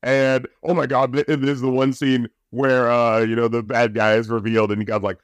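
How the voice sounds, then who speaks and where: A man co-hosting a casual movie review podcast, talking in an animated, profane, mocking way with quick impressions. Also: mid-range voice, dry recording, highs cut off. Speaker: podcast co-host.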